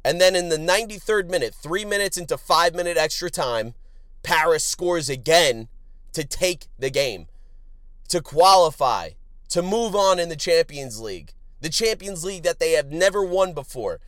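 A man hosting a sports betting podcast, crude and joking, swinging from loud outbursts to low mutters. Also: normal speed, no room sound, clean studio sound. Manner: animated, swings from shouting to muttering. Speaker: podcast host.

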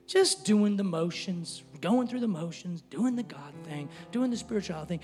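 High-voiced preacher booming in a reverberant hall. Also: male voice, normal speed, few pauses. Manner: swings from shouting highs to soft low asides; animated, jokey, uses casual filler. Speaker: pastor. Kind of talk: sermon. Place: church hall. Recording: long hall reverb, faint music.

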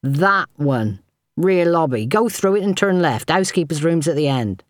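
A woman's voice: sits low, lively intonation, normal speed, dry recording, clean studio sound. A woman reading an audiobook, voicing a thin, bullying young male footman who talks in a mocking, withering way. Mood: taunting.

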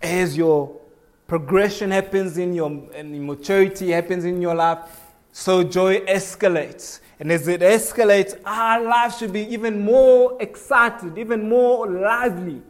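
A man's voice: high voice, steady tone, a little slow. A man preaching a sermon to a congregation in a conversational way, asking them questions and acting out bits of everyday talk. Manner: conversational, asks the congregation questions, acts out little voices.

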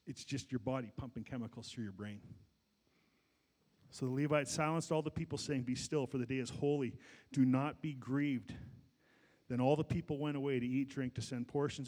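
A middle-aged male pastor preaching a sermon, swinging between loud peaks and quiet asides, with many restarts. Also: medium pitch. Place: large church sanctuary. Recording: long hall reverb.

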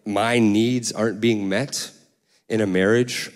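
A man preaching a sermon as pastor, in a loose, conversational way, often restarting words and jumping up in pitch while telling stories. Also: takes it slowly, big-room sound. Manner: lively storytelling with sudden pitch jumps. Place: church sanctuary.

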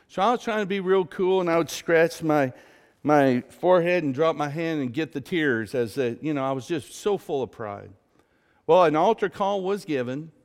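A man's voice: mid-range voice, long reverb tail. A man preaching, telling an emotional story of his own conversion and acting out the dialogue. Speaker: pastor. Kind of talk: sermon testimony.

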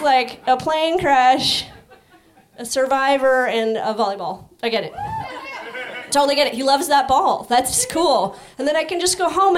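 A woman doing a stand-up set on stage, rambling and self-deprecating in a high-strung way. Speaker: stand-up comic. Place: comedy club stage. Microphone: stage microphone.

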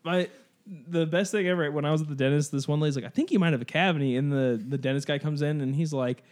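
A man's voice: on the high side, fast, a little mellow. Self-mocking young man telling stories. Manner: self-mocking storytelling with laughter. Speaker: podcast host. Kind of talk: casual chat.

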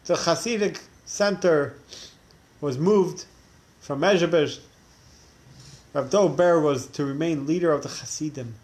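A man's voice: a little high, a little slow, long pauses, darkish tone. A man teaching a religious class who tells stories animatedly, acting out the characters, with frequent restarts. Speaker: Torah teacher.

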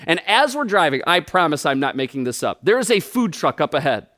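A man, a pastor, preaching a sermon and telling a personal story in an animated way with humorous asides. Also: fairly high pitch, brisk. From United States.

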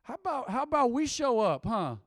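Casting: male preacher in his fifties, high voice, chatty call-and-response sermon, close dry mic with a long hall tail. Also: big pitch swings, a little fast, a bit bright. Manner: call-and-response, conversational, asks congregation to repeat. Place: church sanctuary.

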